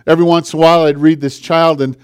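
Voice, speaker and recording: A male pastor preaching a sermon with passion, swinging from forceful declarations to hushed, intimate asides. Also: a little high, flat delivery, fast, smooth.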